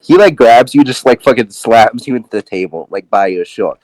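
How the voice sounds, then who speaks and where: A young man narrating as game master in a tabletop game, fast and profane, laughing often. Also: mid-range voice, animated, a little mellow, dry recording, low-quality recording.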